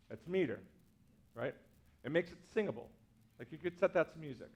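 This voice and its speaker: A man's voice: fairly high pitch, animated, normal speed, long pauses, breathy edge. A man, a pastor, giving a casual teaching talk to a congregation, full of "like" and "right?" asides. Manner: chatty, many fillers like "like" and "right?".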